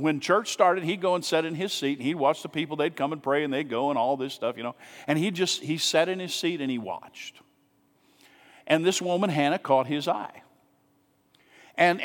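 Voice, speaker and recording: A male pastor gives a casual, conversational sermon in a church sanctuary, asking rhetorical questions and making asides to the congregation. His voice leans high, echoing in a large hall.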